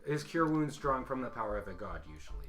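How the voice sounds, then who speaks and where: A man narrating as game master in a casual, halting way, often restarting his sentences. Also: medium pitch, big pitch swings, a bit bright.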